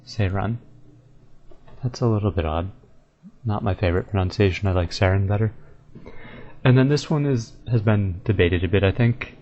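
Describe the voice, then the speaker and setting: Male gamer, low-ish voice, easygoing commentary, sounds out words carefully; dull home mic, faint hiss. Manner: relaxed, thinking aloud, tries out words slowly. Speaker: video game guide maker. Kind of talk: casual commentary over gameplay.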